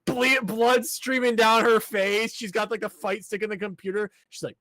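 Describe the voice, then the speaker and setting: A man on a casual podcast with a slightly higher voice, animatedly retelling an episode and slipping into the characters' lines. His voice is recorded dry and close, with no room sound. He swears freely and keeps the story moving. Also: moderate pace, few pauses, sharp tone, no echo. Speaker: podcast co-host. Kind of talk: casual chat, recapping an anime episode.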